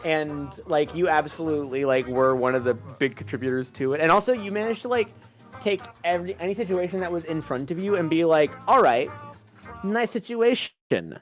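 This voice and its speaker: A fairly high-voiced young man chats on a livestream with friends. He rambles excitedly, swears freely and sometimes jumps into shrieks. Faint music plays behind him. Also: brisk. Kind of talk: casual chat on a livestream.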